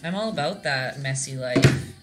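A woman's voice: extremely low pitch, expressive, normal speed, over loud music. A young Canadian woman teaching a casual live-stream painting lesson, chatty and giggly, rambling with lots of fillers. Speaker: painting instructor.

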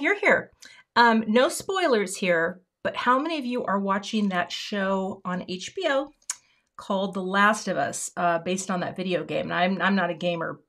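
A woman's voice: medium pitch, a bit bright. A middle-aged woman chatting casually while demonstrating a craft project live, greeting viewers as she works. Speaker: craft livestream host.

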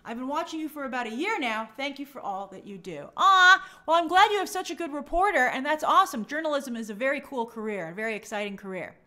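Talking quickly with few pauses, a New York woman hosts a casual livestream, gushing bubbly responses as she reads viewer comments and stumbles over tough names. Her voice is high-pitched, expressive, bright and forceful.

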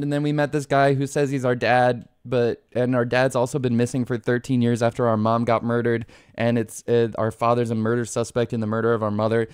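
A man's voice: medium pitch, clear, resonant tone, no room sound, clean studio sound. A man streaming a video game live, rambling casually, swearing often and laughing easily.

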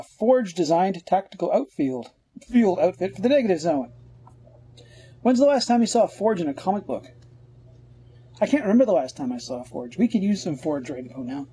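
Husky sarcastic Canadian man ranting. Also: high voice, warm tone. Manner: sarcastic, rambling. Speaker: podcast host. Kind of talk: comic book review rant.

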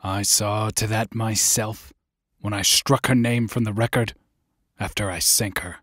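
An actor playing a haunted, brooding sea captain who speaks in stern, commanding, old-fashioned seafaring speech. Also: male voice, on the low side, fairly even intonation, unhurried, fairly bright tone, dry recording, clean studio sound. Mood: grave. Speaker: ship captain. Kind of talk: audio drama acting.

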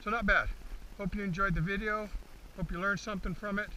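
A man's voice: high-pitched, steady tone, a little fast, sharp tone. A man demonstrating dog training outdoors, explaining to the camera between commands to his dog. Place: outdoors in a field. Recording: distant outdoor recording, faint background noise.

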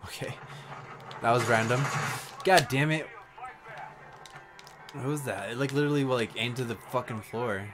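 A man streaming a shooter game, commenting casually with loud, swearing, trash-talking outbursts. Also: mid-range voice, normal speed, long pauses, over music. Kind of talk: gameplay commentary.

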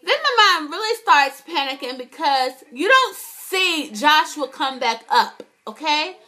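Bright high-voiced young woman vlogger. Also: unhurried, few pauses. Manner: animated, profane, keeps asking "right?". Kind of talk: casual TV recap vlog.

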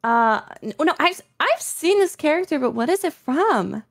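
A bubbly young woman on a live stream with a high voice, giggling and chatting loosely. She reads messages aloud with plenty of likes and ums. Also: big pitch swings, normal speed, creaky. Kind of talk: casual stream chat.

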